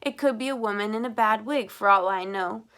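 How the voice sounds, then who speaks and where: A woman reading an audiobook, voicing a steady middle-aged male sheriff who questions in a measured, even way. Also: mid-range voice, natural voice. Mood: calm probing.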